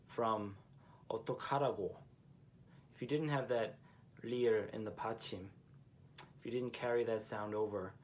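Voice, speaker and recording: A man's voice: medium pitch, slight background noise. A man teaching a language lesson who explains patiently and repeats each example phrase twice.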